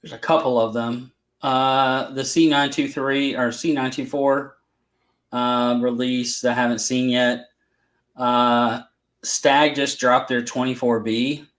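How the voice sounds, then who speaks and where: A man's voice: medium pitch, flat delivery, slow pace, a bit bright. Guy cohosting a live chat, teasing, laughing through stories, roomy echo. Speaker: co-host. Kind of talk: casual chat. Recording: echoey room.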